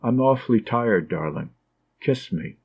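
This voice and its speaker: A tender, fragile young nurse, lovesick and soft-spoken, read by a man. Her lines come pleading and gentle in a middling pitch. The recording sounds a little dull and lo-fi. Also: animated, measured pace, husky. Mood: wistful.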